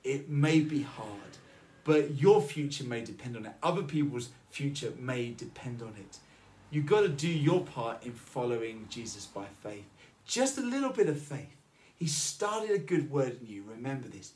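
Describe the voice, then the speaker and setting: A man's voice: medium pitch, very animated, moderate pace, a little mellow. A man preaching a sermon, telling a personal story and earnestly encouraging his listeners. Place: church.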